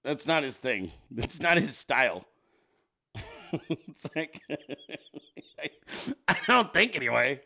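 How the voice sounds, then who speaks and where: Sarcastic, lively-voiced man swearing freely. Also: fairly high pitch, slow, creaky, long pauses. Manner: profane, sarcastic, riffing at the audience. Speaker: livestream host. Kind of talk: casual livestream chat reacting to viewer pictures.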